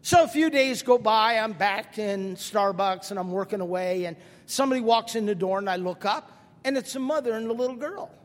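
A man's voice: high-pitched, fairly quick, long reverb tail. An older man preaching a sermon, telling stories with self-deprecating humor and speaking straight to his congregation. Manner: directly addresses the congregation. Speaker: pastor.

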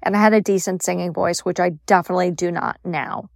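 A woman's voice: on the low side, steady tone, quick pace, gravelly, no room sound, studio quality. A woman in her fifties from Staten Island, hosting a podcast and telling a personal story in a candid, conversational way with wry asides. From Staten Island, New York. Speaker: podcast host.

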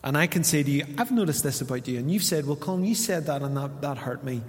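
Speaking fast and expressively in a voice on the high side, a Northern Irish pastor preaches a conversational sermon. He acts out little back-and-forths with the people listening, and the church hall gives the recording a long reverb.

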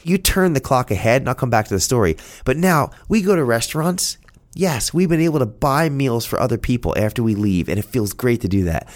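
Man, storyteller, earnest and heartfelt, conversational delivery, mid-range pitch. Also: animated, brisk. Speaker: storyteller sharing a personal story. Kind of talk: personal storytelling monologue.

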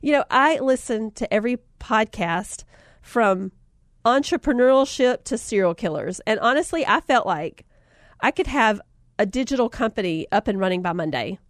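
A woman with a Southern US accent talks in a casual, motivational way, spinning lively personal stories and laughing between lines. Her voice sits a bit high for a woman, and she talks often to her listeners as y'all. The sound is dry and close, with almost no room echo. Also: normal speed. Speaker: speaker sharing life lessons.

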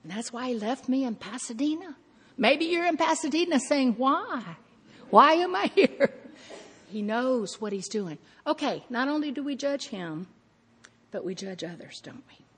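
A woman's voice: fairly high pitch, animated, moderate pace, slightly rough, big-room sound. A woman preaching a sermon, telling stories animatedly and acting out her own thoughts.

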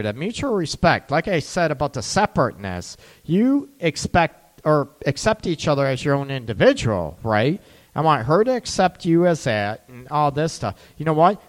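A man's voice: on the high side, long reverb tail. A man giving relationship advice in a live-streamed talk, candid and joking, often laughing. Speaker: relationship coach.

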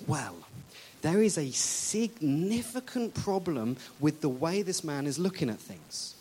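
A preacher giving a sermon to a church congregation, talking conversationally and asking them questions, and acting out quoted speakers with big swings in pitch and loudness. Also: lively intonation, unhurried, breathy edge. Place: church service.

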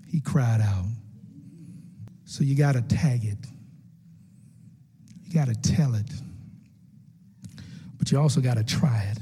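Fiery preacher with a husky, soaring voice. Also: male voice, big-room sound. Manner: preaching, swings from low murmurs to shouted, sung peaks. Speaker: pastor. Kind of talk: sermon.

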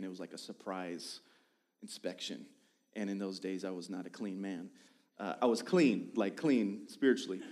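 A man's voice: fairly low pitch, darkish tone. A man in his thirties who is lead pastor, preaching in a church with casual, self-deprecating jokes and tangents. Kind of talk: sermon with casual storytelling. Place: church sanctuary.

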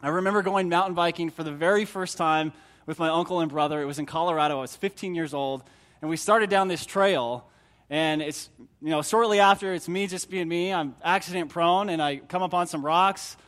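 A middle-aged man, a pastor, preaching a sermon in a conversational storytelling way with self-deprecating humor, swinging between loud emphasis and hushed moments. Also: on the high side, a little fast. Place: church sanctuary.

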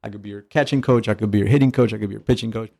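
Low-voiced animated man telling stories. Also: very fast, gravelly. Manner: animated storyteller, acts out dialogue, swears casually. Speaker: guest, catching coach and trainer. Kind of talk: casual podcast chat.

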